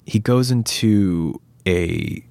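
An actor chatting as an interview guest, rambling and animated, often acting out quotes. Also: male voice, fairly low pitch, very slow, creaky, no echo. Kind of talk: casual interview chat.

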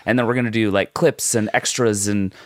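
A man co-hosting a podcast with a sore throat, husky and explaining things in a chatty way. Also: on the low side, steady tone, brisk. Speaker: podcast co-host. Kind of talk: casual chat.

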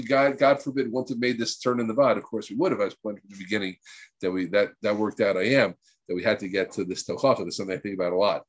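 A man's voice: medium pitch, dry recording. A man teaching a weekly group session in an earnest, emphatic way, rambling with restarts and using Hebrew terms. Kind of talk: informal spiritual talk.

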